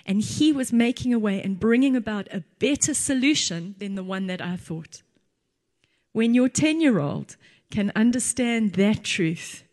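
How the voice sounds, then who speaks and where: A woman, giving an earnest church testimony as a mother, slow and emphatic. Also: mid-range voice, a little mellow. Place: church hall. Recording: long hall reverb.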